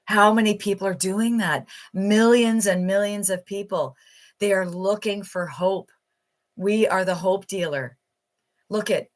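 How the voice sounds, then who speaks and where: Enthusiastic woman giving a sales pitch. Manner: enthusiastic, emphatic, repetitive. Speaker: online marketing promoter.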